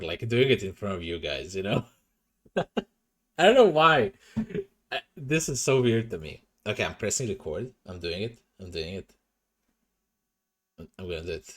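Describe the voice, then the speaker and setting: Young guy streamer, animated up-and-down pitch, rambly and swears, home desk mic. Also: normal speed, long pauses. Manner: chatty, swears, self-conscious, talks to chat. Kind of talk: casual livestream chat. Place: home room. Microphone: desk microphone.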